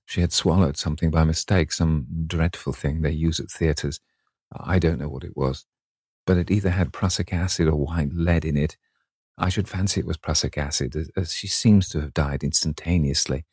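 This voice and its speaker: Male reader doing a suave cynical aristocrat, low dark voice, husky, urbane, audiobook. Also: steady tone, moderate pace, no echo, clean studio sound. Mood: grave. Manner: urbane, epigrammatic. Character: witty, cynical older aristocratic gentleman.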